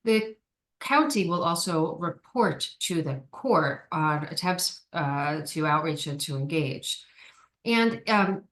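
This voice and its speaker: A woman's voice: low voice, a bit bright. A woman giving an online training presentation, explaining steps carefully with frequent ums and small restarts. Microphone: video call.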